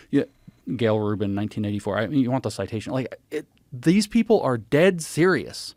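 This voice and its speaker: Podcast guest, male, emphatic, animated explainer, close dry studio mic. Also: mid-range voice, brisk, no echo. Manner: emphatic, animated, cites sources. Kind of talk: conversational explanation.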